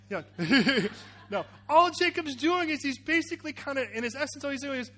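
A man preaching a sermon, acting out a Bible scene with cries, shouts and asides to the congregation. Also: very high-pitched, a little fast. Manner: animated, acts out characters with cries and shouts. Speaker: pastor.

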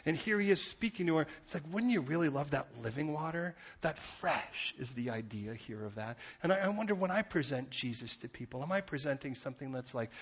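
Man, preacher, sermon, conversational, husky voice, dull lo-fi recording. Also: fairly high pitch, fairly quick, few pauses. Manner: conversational and animated, acts out biblical voices.

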